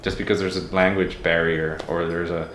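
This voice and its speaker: A man's voice: low-pitched, little pitch movement, moderate pace, a bit bright, echoey room, a little hiss or hum. A man from Mexico talking as a podcast guest, reflective and candid in a casual interview.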